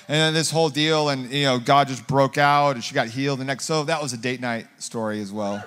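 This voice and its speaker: A middle-aged man preaching as a guest pastor, telling a story in a rambling, filler-heavy way and getting animated when he quotes himself. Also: medium pitch, a little fast, few pauses. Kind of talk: conversational sermon storytelling. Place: church sanctuary. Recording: long hall reverb.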